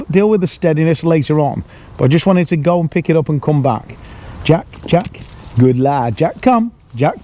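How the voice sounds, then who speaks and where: A man, a dog trainer, explaining a training exercise outdoors in a calm, explanatory way, with sharp calls to the dog. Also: a little high. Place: outdoors in a field.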